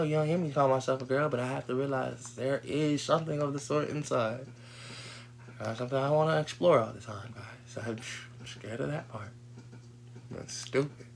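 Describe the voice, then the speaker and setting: A man's voice: medium pitch, vocal fry, slight background noise. A man in a profane, rambling rant that he breaks up with frequent laughs. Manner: profane, laughs often, heated.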